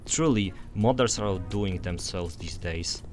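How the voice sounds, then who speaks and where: A man's voice: low-pitched, a little slow, faint music behind. A young man narrating a scripted game review voice-over in an enthusiastic, conversational way.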